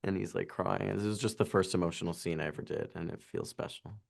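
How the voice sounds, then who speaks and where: An actor in his twenties chats casually in an interview, halting and restarting, with plenty of "like" and other fillers. His voice is low, with vocal fry and fairly even intonation.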